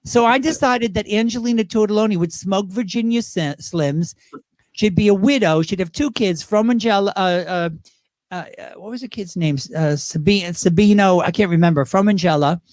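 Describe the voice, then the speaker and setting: A man's voice: high voice, normal speed, no room sound, studio quality. A man who performs drag and impersonations, telling stories in a casual interview and slipping into voices. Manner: chatty storyteller, lively, slips into voices.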